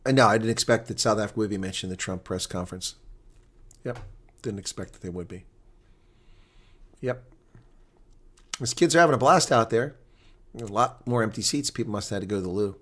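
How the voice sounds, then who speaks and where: A man's voice: lowish voice, fairly quick, pauses often, fairly bright tone. A man chatting casually on a live stream, rambling between viewer comments and rugby talk.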